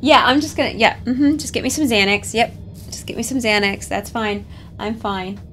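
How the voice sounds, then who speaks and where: A woman's voice: on the high side, normal speed, a bit bright, slight background noise. A young woman commenting on a horror game, jumpy and nervous, swearing and talking herself through scares. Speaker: gaming streamer.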